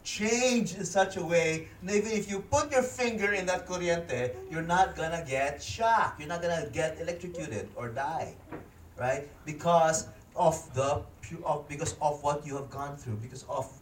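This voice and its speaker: Filipino pastor in an echoey church. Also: male voice, fairly high pitch, moderate pace, a little hiss or hum. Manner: jokey, switches between English and Tagalog, interacts with congregation. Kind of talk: sermon. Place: church hall. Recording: echoey hall, speaker far from mic.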